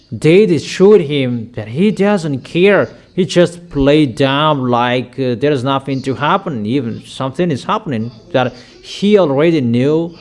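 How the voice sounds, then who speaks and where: A man preaching a sermon in slow, emphatic prophetic declarations. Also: fairly high pitch, darkish tone.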